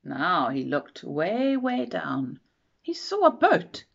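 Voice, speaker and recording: Expressive woman reading a storybook. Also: on the low side, slow, gravelly. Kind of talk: children's storybook read-aloud. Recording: dull lo-fi recording.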